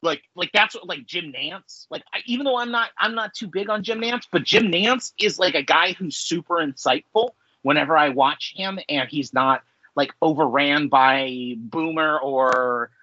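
A man in his forties chats and rants in a loose, rambling way, with filler words stacking up. His voice is husky and bright, sitting a little high for a man. The podcast mic sounds dull and lo-fi, dry with no room echo. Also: moderate pace. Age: 40s. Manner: rambling, many "like" fillers, ranting. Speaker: podcast co-host. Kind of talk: casual chat.

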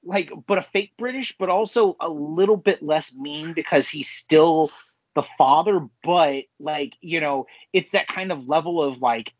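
A man in casual podcast chat, rambling and swearing, with a voice pitched a little high. The sound is dry and a bit dull, close to the mic. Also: unhurried, dry recording. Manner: rambling, swears freely, many fillers. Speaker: podcast co-host.

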